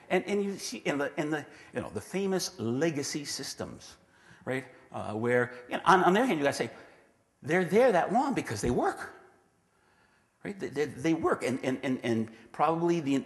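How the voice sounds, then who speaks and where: Man, conference keynote, lively pitch, acts out quotes, restarts, hall reverb. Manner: animated, acts out quoted voices, frequent restarts. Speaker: conference speaker.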